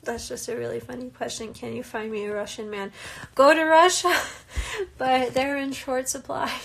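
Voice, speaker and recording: A young American woman on a reality show hosts a casual live Q&A, reading viewers' questions aloud and answering with plenty of laughter. She speaks at a normal speed in a steady, fairly high voice that's gravelly and slightly rough.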